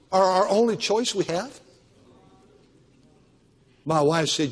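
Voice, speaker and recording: An older male pastor delivers a Baptist sermon, pressing his points through emphatic repetition. His voice sits high for a man, and it rings out with the long reverb of a church auditorium. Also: expressive, slow pace, long pauses, slightly rough.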